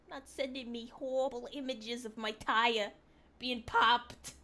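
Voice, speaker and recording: Woman, online commentator, casual and mocking, unhurried delivery. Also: a little high, pushed and bright, slight background noise. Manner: sarcastic and mocking, laughs often. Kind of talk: casual commentary reacting to posts.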